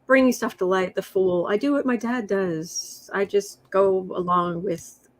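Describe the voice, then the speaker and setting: Hosting a casual livestream, a woman reads tarot cards aloud and drops sarcastic, chatty asides. Her voice is medium-pitched and steady, and she keeps a measured pace.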